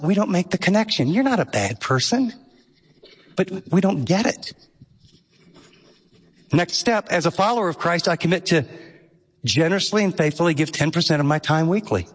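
A man's voice: on the high side, animated, normal speed, long pauses, big-room sound. A man preaching a sermon as pastor, earnest and emphatic, who often asks rhetorical questions.

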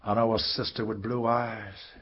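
An older man performing a story in rhythmic, sing-song spoken word, swinging from loud cries to hushed whispers. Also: fairly low pitch, flat delivery, moderate pace, slightly rough. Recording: dull lo-fi recording with faint noise.

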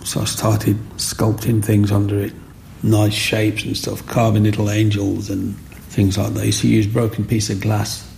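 A man's voice: on the low side, completely flat delivery, normal speed, darkish tone, a little hiss or hum. A middle-aged man, telling his life story as an interview guest, earnest and repetitive. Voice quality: gravelly. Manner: earnest, repeats words, acts out quotes.

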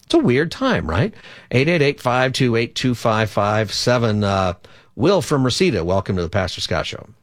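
A man's voice: medium pitch, very animated, normal speed, no echo, clean studio sound. A man hosting a call-in radio talk show as a pastor, speaking in a chatty, rambling, conversational way.

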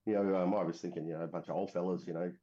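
A man talks rapid-fire in a low, dark, steady voice, recounting a long story in a relaxed interview. He is an Australian-accented military veteran from Western Australia who rambles, with lots of fillers and restarts. Dull, lo-fi recording.

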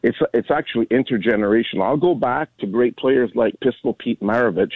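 A man's voice: mid-range voice, brisk, no room sound. A man in his sixties calling into a sports radio show, rambling earnestly with many restarts. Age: 60s. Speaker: caller. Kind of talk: casual call-in chat. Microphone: phone. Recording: tinny phone line.

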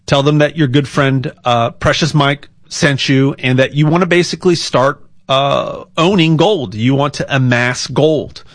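A man talking casually as he pitches gold buying, rambling and repeating words, with jokey asides. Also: a little slow, few pauses, dry recording, clean studio sound. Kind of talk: casual promotional talk.

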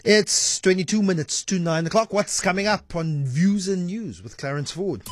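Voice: mid-range voice, normal speed, heavy background noise. A radio presenter, musing playfully aloud in casual on-air chat.

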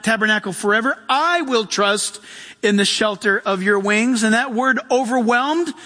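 Pastor guy preaching, high bright voice, gets loud then goes hushed, big hall reverb. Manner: animated, acts out voices, swings between shouting and hushed. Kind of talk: sermon.

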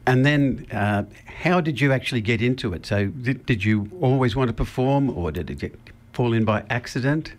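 A man hosting a casual interview, chatty and quick to laugh along with his guests. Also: mid-range voice.

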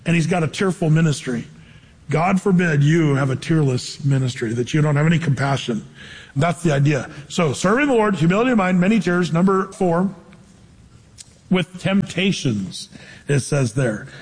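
A man preaching a sermon, animated, acting out quoted people in high, playful voices. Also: normal speed, husky, long reverb tail. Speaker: pastor.

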